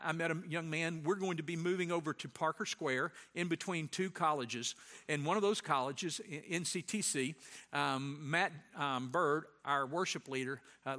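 A man preaching as a pastor, telling a personal story in an animated way and acting out what people said. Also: fairly high pitch. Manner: animated storyteller, acts out quoted voices. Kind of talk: sermon with storytelling.

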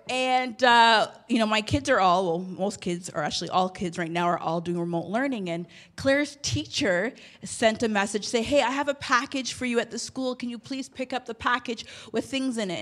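A woman's voice: a little high, a bit bright. A woman in her thirties preaching a sermon, telling a personal story with bursts of emotion. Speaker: pastor.

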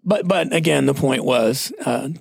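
A male pastor in his forties shares stories in a casual church podcast, plainspoken and self-deprecating. His voice is gravelly with a husky grain. The sound is dry and close. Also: medium pitch, unhurried, no echo.

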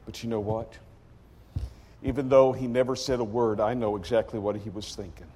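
A man preaching a sermon as a dramatic story, acting out the characters with sudden loud outbursts. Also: on the low side, steady tone, moderate pace, long reverb tail.

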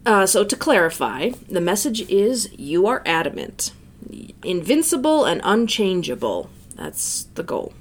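A woman co-hosting a podcast in an easy, casual way. She sums up and quotes a book with dry sarcasm. Her voice sits at an ordinary middle pitch. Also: huge pitch swings, unhurried. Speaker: podcast co-host.

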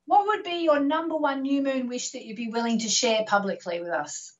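A woman's voice: sits high, brisk, highs cut off, slight background noise. A woman hosting a call-in astrology show, coaching callers through affirmations in an encouraging way.

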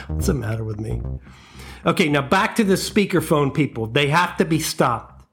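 A man hosting a comedy podcast, ranting in an animated, profane, mock-outraged monologue into a close mic. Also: on the high side, measured pace, pauses often, soft background music.

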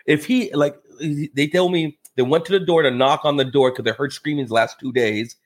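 A real estate investor, appearing as a guest on a podcast, tells a casual story in conversation. He talks a little fast and stays animated, acting out the people in it with big, lively jumps in pitch.

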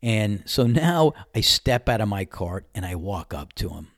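A man's voice: fairly low pitch, a little slow, dry recording, clean studio sound. A man hosting a podcast, telling a personal story in a candid, conversational way and acting out the dialogue. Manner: animated anecdote-telling, acts out dialogue; candid and conversational, mild swearing. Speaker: podcast host. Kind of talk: casual storytelling monologue.

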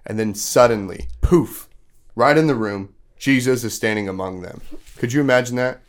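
Talking fairly quickly in a mid-range voice, a podcast host offers children a casual Bible story. The telling is loose and full of fillers, and he often pauses to quiz them.

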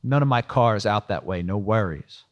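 Man voicing male business contact, curt, blunt, clipped, audiobook, lowish voice. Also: animated, moderate pace, muffled recording, close to an everyday voice. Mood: businesslike.

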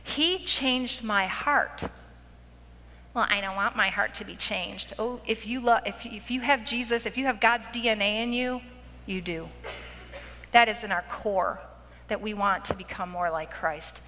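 A middle-aged woman giving a testimony sermon to women, telling her story with animated, acted-out quotes. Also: on the high side, measured pace, slight background noise. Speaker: speaker at a women's event. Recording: long hall reverb.

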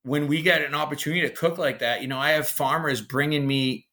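A man from Massachusetts with a Massachusetts accent, a chef being interviewed, telling stories with animated enthusiasm. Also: on the high side, fairly quick. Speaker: executive chef, guest. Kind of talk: casual interview chat.

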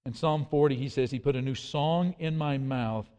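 A man's voice: medium pitch, moderate pace, warm tone, smooth. A man preaching a sermon with earnest emphasis, quoting scripture and often repeating his words. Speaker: pastor. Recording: long hall reverb.

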